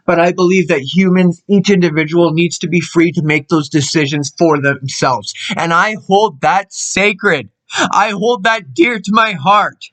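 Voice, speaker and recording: Young Canadian guy with a high voice, heated unscripted vlog rant, swears a lot, trips over his own sentences. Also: fairly bright tone. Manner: emphatic, profane, rambling with restarts. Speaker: channel host.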